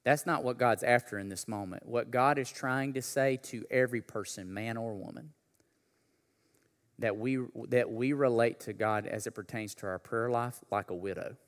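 A man preaching a sermon, talking casually with slang, then building to a loud, impassioned delivery. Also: medium pitch, normal speed, long reverb tail. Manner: builds from conversational to shouting preacher intensity. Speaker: pastor.

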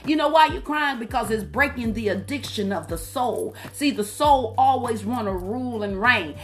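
Woman minister, fervent sermon full of hallelujahs, slightly high voice. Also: normal speed, hardly any pauses. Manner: fervent preaching with frequent hallelujahs. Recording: faint music behind.

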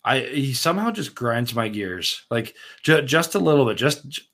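A young man co-hosting a casual sports podcast, telling excited stories with lots of "like" and some swearing. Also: medium pitch, normal speed. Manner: excitable, swears, animated storytelling. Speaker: podcast co-host.

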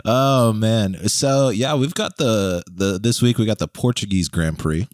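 A man's voice: lowish voice, a little slow, a little hiss or hum. A young man hosting a casual podcast chat, joking and laughing often. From Texas. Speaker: podcast host.

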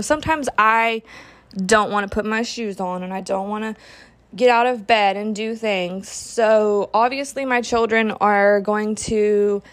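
A woman hosting a podcast, talking frankly and casually, often saying "like" and acting out what a parent might say. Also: a little high. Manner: frank, peppered with "like", acts out quoted parent talk. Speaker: podcast host. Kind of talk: candid casual podcast monologue.

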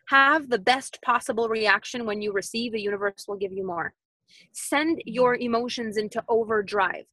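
Her pitch fairly high, this thirty-something woman chats casually as a podcast guest, animated and circling back to the same motivational phrases like mantras. Audio quality is poor, though there's no room sound.

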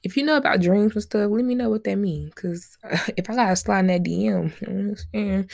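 A woman's voice: medium pitch, a little fast, vocal fry, darkish tone, no room sound, clean studio sound. A young woman hosting a solo podcast, chatting casually with lots of slang, rambling asides and frequent laughs. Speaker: podcast host.

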